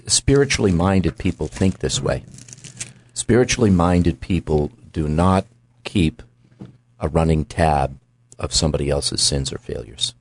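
A very deep-voiced male host teaches from scripture with firm emphasis. He stumbles and repeats words as he builds his point. The sound is dry and close-miked. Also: husky, dry recording. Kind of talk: Bible teaching in talk show.

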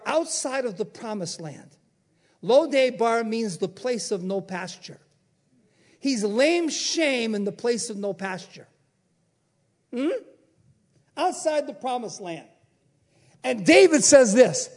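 A male preacher with a strikingly high voice delivers a sermon. He peppers the congregation with rhetorical questions and swings from loud exclamations to hushed asides. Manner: rapid-fire rhetorical questions.

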